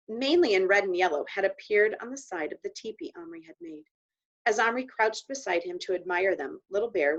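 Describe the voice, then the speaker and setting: A woman reading a children's novel aloud in an expressive storytelling voice. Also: medium pitch, breathy edge. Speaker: audiobook reader. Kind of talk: children's book read aloud. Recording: dull lo-fi recording.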